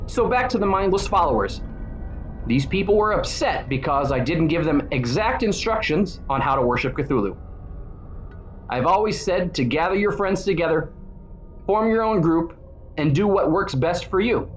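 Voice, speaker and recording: A man's voice: a little high, highs cut off. A man in his forties with a wry, irreverent manner, delivering a scripted monologue as a video host. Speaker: church founder and video host.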